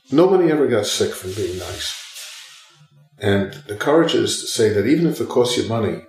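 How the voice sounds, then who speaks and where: A man's voice: fairly low pitch, roomy sound, rough recording. An older man, a former teacher, telling a story in an interview and acting out the voices of everyone in it. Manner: animated, acts out both sides of dialogue. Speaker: retired professor and guest.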